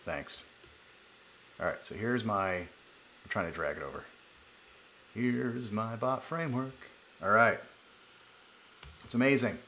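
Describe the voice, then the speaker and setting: A man's voice: fairly low pitch, unhurried, pauses often, pushed and bright, slight background noise. A man with a nasal voice, hosting a live coding stream in a chatty, joking way and narrating each step. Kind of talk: casual live coding chat.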